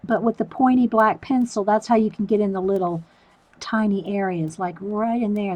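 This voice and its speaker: A woman's voice: mid-range voice, steady tone, moderate pace, a little mellow, low-quality recording. A woman hosting a live stream, chatting casually through a coloring demo and answering viewer comments.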